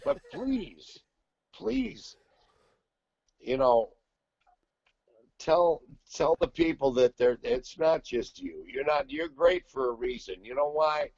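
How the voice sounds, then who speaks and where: An older man, a guest singer, telling stories in a brash, profane, animated way in casual chat. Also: fairly high pitch, slow, creaky, long pauses, dry recording, muffled recording.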